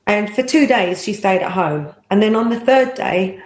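A middle-aged woman tells anecdotes from her life in a lively interview manner. She laughs often and breaks into the voices of people she quotes. Her voice sits at a middling pitch and carries a roomy echo. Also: moderate pace, soft background music. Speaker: former police officer, interview guest. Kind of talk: anecdotal storytelling.

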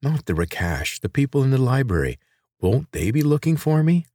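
A man's voice: medium pitch, very animated, moderate pace, warm tone, no room sound, studio quality, voice pushed up. A man voicing a cautious, bewildered young boy in a read-aloud story, asking earnest questions. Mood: earnest, unsure.

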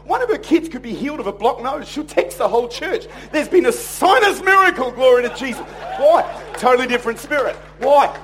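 A man preaching a sermon in church, telling stories in a jokey, animated way and acting out other people's voices. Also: very high-pitched. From Australia. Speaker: pastor.

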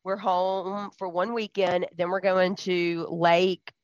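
A woman's voice: fairly low pitch, level tone, slow, dry recording. A woman co-hosting a podcast, chatting casually and teasing her co-host. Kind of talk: casual chat. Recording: dull lo-fi sound.

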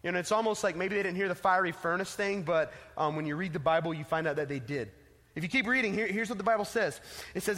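A man's voice: high voice, fast talker, a bit bright. A man preaching a casual, emphatic sermon to teenagers as a youth pastor, telling a story, in an echoey hall.

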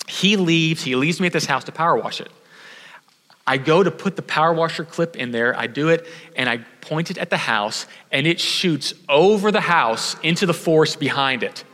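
A man's voice: on the high side, moderate pace, bright, forceful tone, in a large hall. A man from Houston preaching a sermon, telling a self-deprecating story and acting out the voices of the people in it. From Houston, Texas. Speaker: pastor.

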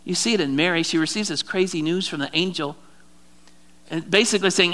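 A male pastor preaching a sermon in an animated way, often repeating words and slowing down for dramatic emphasis. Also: high-pitched.

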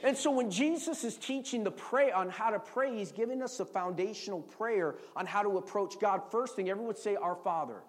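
Preaching a sermon, this middle-aged male pastor speaks with a high voice at a brisk pace and few pauses. His animated storytelling relies on call-and-response and frequent repetition of words.

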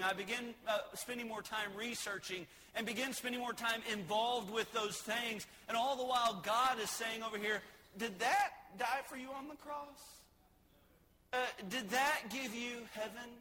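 A man's voice: high voice, rough recording. A man preaching a sermon in a folksy way, joking and asking the congregation questions. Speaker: pastor.

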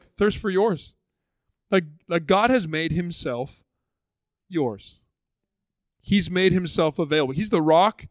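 A male pastor preaching in a casual, conversational tone, slipping into quick voices for the people in his story. His voice sits a little high for a man. The sound is dry and close. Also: no room sound. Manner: conversational, acts out voices of biblical figures. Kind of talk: sermon.

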